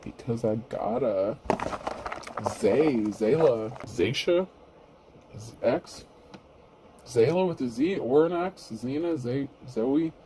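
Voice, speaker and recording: A man's voice: mid-range voice, expressive, takes it slowly, long pauses, noisy background. Rambling blunt man reading tarot. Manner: rambling, blunt, swears freely. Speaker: tarot reader.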